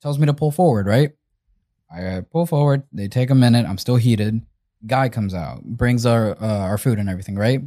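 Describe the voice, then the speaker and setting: A man in casual chat with friends, telling a long story in an animated, profane way. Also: medium pitch, normal speed, no echo, clean studio sound.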